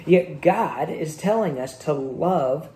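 A man's voice: a little high, expressive, takes it slowly, warm tone. A male pastor preaching a sermon in a conversational way, with rhetorical questions, in a church hall. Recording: echoey room.

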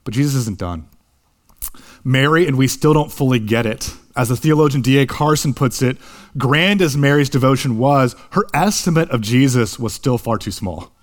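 Earnest male preacher delivering a sermon. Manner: earnest, slows for emphasis, rises in pitch at high points. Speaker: pastor.

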